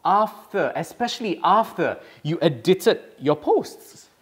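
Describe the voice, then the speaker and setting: A man from Singapore hosting an interview, asking measured, probing questions. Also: sits high, expressive, a bit bright. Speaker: host.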